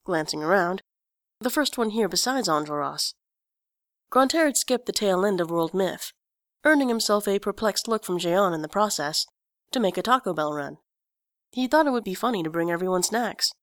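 A woman narrating a story in an even, expressive audiobook reading. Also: mid-range voice, no echo, clean studio sound.

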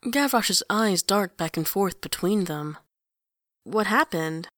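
A woman's voice: medium pitch, animated, measured pace, a bit bright, dry recording, studio quality. Woman reading a story aloud. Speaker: audiobook reader. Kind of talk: reading fan fiction aloud.

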